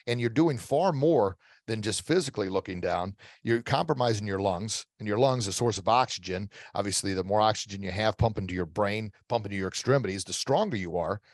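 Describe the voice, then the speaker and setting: A middle-aged man with a fairly low voice gives emphatic, motivational coaching as a guest in an interview. He repeats key phrases and often restarts his sentences. The sound is dry, with no room around it. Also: brisk, hardly any pauses, dry recording. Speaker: guest expert.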